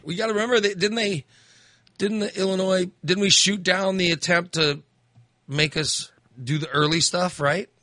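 A man's voice: sits high, steady tone, normal speed, bright, forceful tone, no room sound. A man hosting a call-in radio chat, rambling and acting out angry voters. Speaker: radio host.

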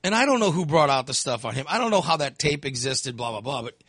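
A man's voice: medium pitch, fast talker, slightly rough, no room sound, clean studio sound. A man in casual talk, ranting about politics, sighing, swearing and mocking what others say. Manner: animated, mocking quotes of others, swears, sighs.

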